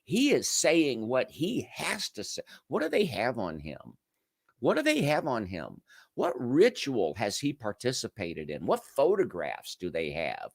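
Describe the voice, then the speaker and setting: A man's voice: medium pitch, no echo, clean studio sound. A man hosting a casual livestream, reading viewer comments and answering his own rhetorical questions. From United States. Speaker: livestream show host.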